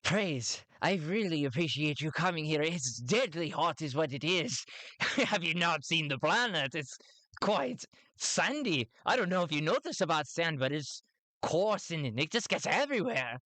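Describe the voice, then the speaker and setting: Man putting on jolly male official, put-on accent, high hearty voice, chatty, dry sound. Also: expressive, unhurried, pushed and bright, dry recording. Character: jovial loud male planet official.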